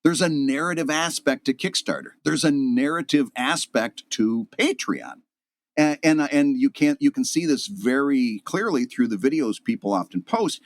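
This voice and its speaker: A man's voice: medium pitch, animated, moderate pace, no room sound. A man co-hosting a podcast in casual chat, joking and laughing often. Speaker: podcast co-host.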